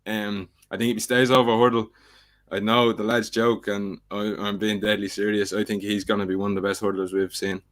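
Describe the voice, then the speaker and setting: A man's voice: fairly low pitch, flat delivery, a little fast. A man, a podcast co-host, talking up a favourite horse with earnest enthusiasm. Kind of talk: casual betting chat.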